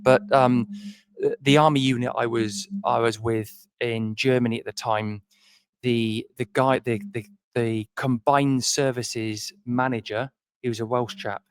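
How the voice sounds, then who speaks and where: A man's voice: medium pitch, steady tone, unhurried. A man co-hosting a podcast, telling a long self-deprecating story in a rambling way with many restarts. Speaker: podcast co-host. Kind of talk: casual storytelling chat.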